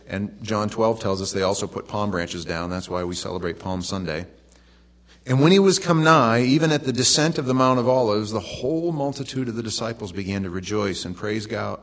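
With a voice on the low side, a middle-aged man preaches a sermon, narrating the story casually and adding spirited asides to the congregation as their pastor.

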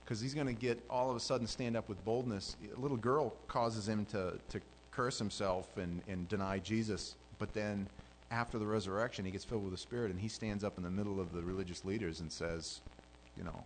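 A low-voiced man preaching a sermon, storytelling with big swings between fervent loud stretches and quiet asides. A faint hum sits under the recording. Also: brisk, rough recording. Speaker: pastor.

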